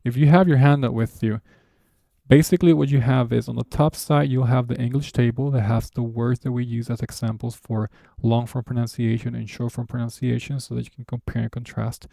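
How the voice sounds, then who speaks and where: Man, teacher, patient explainer, gravelly, mellow, dry sound. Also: medium pitch, fairly even intonation, brisk, no echo. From Spanish-speaking background. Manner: patient, repeats points, exaggerates sounds for teaching. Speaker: language teacher. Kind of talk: explaining a lesson to beginners.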